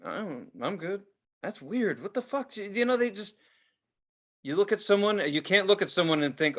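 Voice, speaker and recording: A man co-hosting a podcast in casual chat, ranting in an animated, profane way. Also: high voice, moderate pace. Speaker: podcast co-host.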